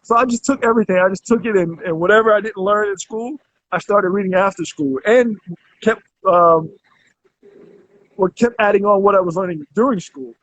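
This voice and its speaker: A man's voice: high voice, normal speed, fairly bright tone, no room sound. A man in his thirties, a guest telling his story in a casual interview, rambling with many restarts. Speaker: guest, health coach. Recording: dull, dry lo-fi recording.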